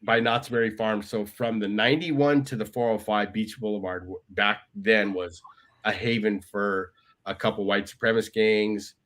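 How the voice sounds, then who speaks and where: Low-voiced man telling his story. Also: steady tone, normal speed, fairly bright tone. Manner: conversational, tag questions, quoting others. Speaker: guest. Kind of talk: storytelling interview.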